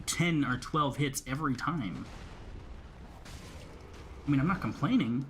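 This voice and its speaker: A man's voice: mid-range voice, expressive, measured pace, long pauses, a little hiss or hum. A young man giving casual gameplay commentary, rambling, swearing freely and talking back to the enemies he fights. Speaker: gameplay streamer.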